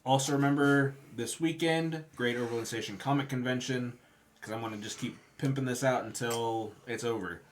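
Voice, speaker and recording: A man makes a cheerful promotional announcement during a break in a stream. His voice sits at a middle pitch, with a faint hiss in the background. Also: steady tone, normal speed. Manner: upbeat promotional plug. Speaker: host.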